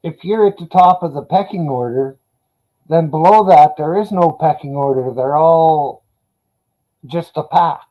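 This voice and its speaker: A man's voice: on the high side, a little slow, dull audio. A man in casual chat, telling dog stories in a laid-back, profane way.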